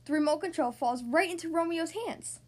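A woman hosting a podcast, reading a storybook aloud to young children in a friendly, animated way. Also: very high-pitched, a little fast. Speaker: podcast host reading to kids.

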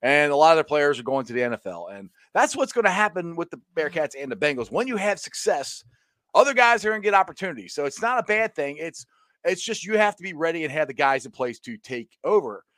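A man hosting a casual sports talk show, animated and reading viewer comments aloud. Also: a little high, fast, no room sound, studio quality. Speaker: show host.

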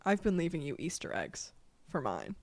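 A woman's voice: low voice, moderate pace, no echo. Giggly chatty woman podcaster. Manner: giggly, rambling, excitable. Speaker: podcast co-host. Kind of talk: casual chat.

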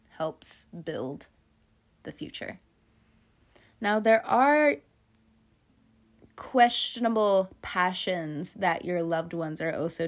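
A woman with a slightly low voice gives a casual tarot reading. She talks in a loose, chatty way, playful and quick to laugh, dropping the odd swear word. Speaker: tarot reader.

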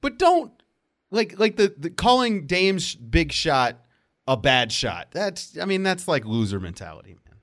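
Lively, opinionated man with a swooping voice. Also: a little high, unhurried. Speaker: podcast co-host. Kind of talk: casual sports chat.

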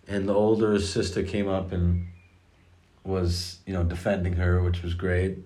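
A middle-aged man with a very low voice recounts a family story in an easy, rambling way. He restarts his sentences often and drops the occasional curse. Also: little pitch movement, normal speed, darkish tone. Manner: rambling, with many restarts and swearing. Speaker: father telling a story. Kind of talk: casual personal storytelling.

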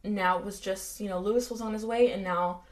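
An American woman co-hosting a true-crime podcast, telling the story in relaxed, chatty talk. She drops dry sarcastic asides, and her pitch sits in the middle range. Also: a little fast. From United States. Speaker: podcast co-host. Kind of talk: casual true-crime chat.

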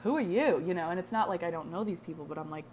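A young American woman races through a casual solo episode of her own podcast, candid, profane, rambling and self-mocking. Her voice is on the low side, and there's a little hiss or hum.

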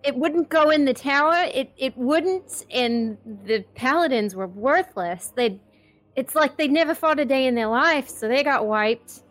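A woman's voice: sits high, a little slow, soft background music. A woman voicing a tough, matter-of-fact female adventurer in a tabletop game. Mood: blunt.

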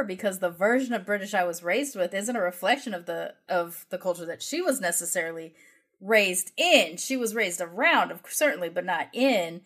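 A woman's voice: medium pitch, animated, moderate pace, fairly bright tone. A woman from the United States co-hosting a podcast, telling a family story in casual chat with lots of restarts and fillers. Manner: rambling, full of restarts and fillers. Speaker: podcast co-host.

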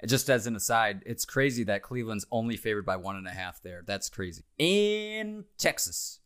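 A man's voice: lowish voice, steady tone, brisk, a bit bright, smooth. A man co-hosting a casual sports podcast, joking around and making his game picks. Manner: jokey, makes game picks, briefly tries silly accents. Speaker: podcast co-host.

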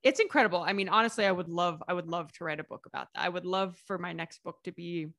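An American woman talking casually as a guest, lively, with frequent laughs and fillers. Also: fairly low pitch, quick pace, dry recording, studio quality. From United States. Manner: lively, laughs often, many fillers and restarts. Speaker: author and vlogger guest. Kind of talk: casual interview conversation.

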